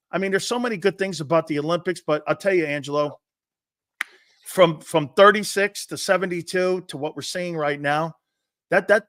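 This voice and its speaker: A man's voice: fairly high pitch, fairly bright tone, dry recording, studio quality. Blunt, emphatic male sports-talk host. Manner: blunt, emphatic, says "man" often.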